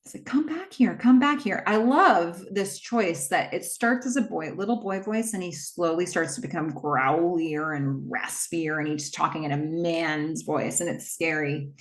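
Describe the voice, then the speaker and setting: A woman retelling a movie plot in a casual, chatty way, with quick asides and small acted-out quotes. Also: sits low, echoey room. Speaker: movie recap host.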